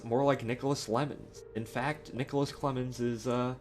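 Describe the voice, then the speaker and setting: A man's voice: medium pitch, normal speed, hardly any pauses, faint music behind. A man hosting a train game livestream, chatting casually in a rambling, jokey way with fillers. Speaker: livestream host. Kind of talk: casual stream chat.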